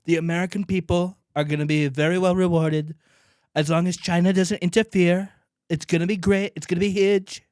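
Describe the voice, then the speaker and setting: A man's voice: sits high, level tone, a little fast, darkish tone, clear, resonant tone, no room sound, studio quality, pitched above the performer's own voice, lightly acted. A man doing a boastful impression of a famous male politician, repeating big words in a podcast. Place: small room, podcast setup.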